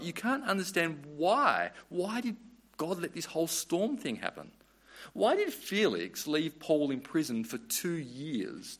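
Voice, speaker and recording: Lively earnest male preacher. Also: on the high side. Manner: earnest, conversational, with frequent restarts. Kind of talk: sermon.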